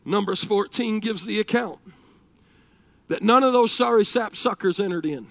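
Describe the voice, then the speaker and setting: A man, preaching a sermon that swings between shouted passages and hushed storytelling. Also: sits high, normal speed, no room sound.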